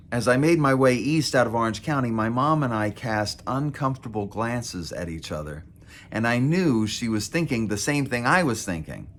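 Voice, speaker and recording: A man's voice: on the low side, a bit bright. A man in his fifties reading his own memoir aloud, with wry, self-mocking asides. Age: 50s. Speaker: author.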